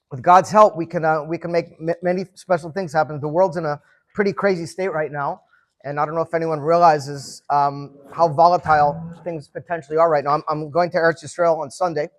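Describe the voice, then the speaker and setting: Fifties guy with a high voice telling stories to a group, stumbles and repeats words a lot. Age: 50s. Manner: chatty, storytelling, repeats words when starting. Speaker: farbrengen leader. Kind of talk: informal gathering talk. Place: room with a gathered group.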